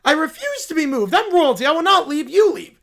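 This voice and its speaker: A man's voice: extremely high pitch, sing-song, fairly quick, creaky, fairly bright tone, voice pushed up, heavily acted. A man voicing a spoiled, bratty child who thinks he is royalty, whining and petulant. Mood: demanding. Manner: whiny, petulant.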